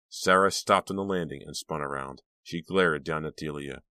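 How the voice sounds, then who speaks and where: A man narrating a teen thriller audiobook in a measured storytelling voice. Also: very deep voice, bright, forceful tone, no echo, clean studio sound. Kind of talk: scripted narration.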